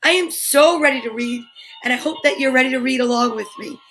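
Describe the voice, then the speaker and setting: Upbeat woman host of a live kids' story hour. High voice, encouraging, leads chants and reads aloud. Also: a little fast, a bit bright, faint music behind. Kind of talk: live children's storytime with affirmations and read-aloud. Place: home studio for a live stream.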